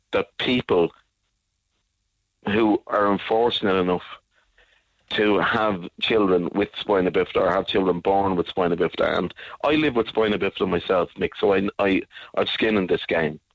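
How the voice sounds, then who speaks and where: Angry man with a very deep voice. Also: normal speed, no room sound. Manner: angry, emphatic, repetitive. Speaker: guest advocate. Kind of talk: radio interview. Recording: dull lo-fi radio sound.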